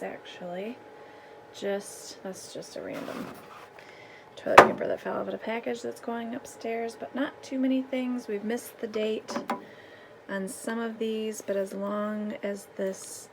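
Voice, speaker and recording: A woman's voice: medium pitch, vocal fry, heavy background noise. Chatty woman touring her home pantry. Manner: chatty and practical, thinking aloud with many fillers. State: out of breath after the stairs. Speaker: homemaking vlogger. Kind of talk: casual walk-through vlog. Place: home basement storage and pantry.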